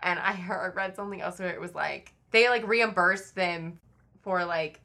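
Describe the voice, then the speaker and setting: A woman's voice: fairly low pitch, normal speed, vocal fry, sharp tone. A woman casually telling a true crime story on a podcast, chatty, swearing often and saying "like" a lot.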